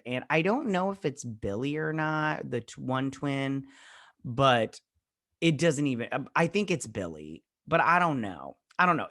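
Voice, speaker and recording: A man's voice: mid-range voice, a bit bright, dry recording, clean studio sound. Rambling man recapping a show. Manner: rambling, retells scenes with "I was like". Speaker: show reviewer. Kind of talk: casual episode recap.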